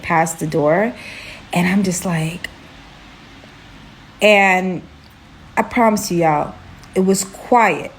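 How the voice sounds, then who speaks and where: A young woman from Brooklyn tells a storytime vlog. She is animated and chatty, dropping "like" and "right?" all through it. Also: on the low side, creaky, slight background noise. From Brooklyn, New York.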